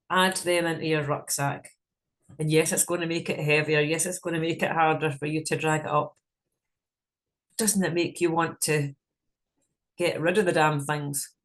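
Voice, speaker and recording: A woman leading a guided visualization in a frank, casual way, swearing freely as she talks. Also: deep voice. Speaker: meditation guide.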